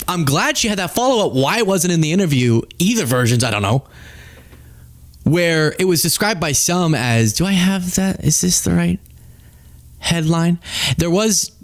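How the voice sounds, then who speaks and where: A man hosts a solo political commentary show. He sounds animated, incredulous and sarcastic. His voice sits a bit high, and the recording is dry and close, with no room echo. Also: normal speed.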